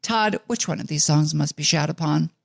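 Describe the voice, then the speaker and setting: Guy from the ny suburbs riffing on a podcast, kinda gravelly, lots of "like" and restarts, dry close sound. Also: fairly high pitch, moderate pace, dry recording. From New York suburbs. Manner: rambling, with many fillers and restarts. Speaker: podcast co-host. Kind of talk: casual chat.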